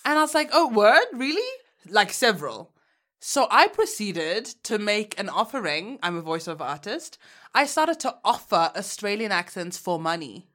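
A woman from Uganda co-hosting a podcast in casual chat, animated and frank, laughing often and using slang. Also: mid-range voice, moderate pace. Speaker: podcast co-host.

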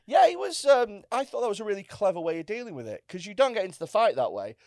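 A man's voice: high-pitched, big pitch swings, fast, darkish tone, dry recording, studio quality. A man co-hosting a casual comedy podcast, telling stories with lots of swearing and acted-out quotes. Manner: storytelling, swearing, acting out quotes. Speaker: podcast co-host.

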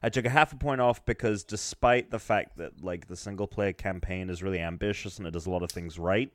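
A man's voice: deep voice, brisk, dry recording, clean studio sound. A man in his twenties reviewing games in casual podcast chat, explaining at length with fillers. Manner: relaxed, rambling explanations with fillers. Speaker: podcast co-host, game reviewer.

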